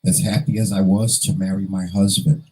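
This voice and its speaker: A man's voice: low voice, level tone, normal speed, warm tone, breathy edge, poor audio. A man vlogger telling a personal story in an earnest, emotional way, fighting back tears and repeating phrases for emphasis.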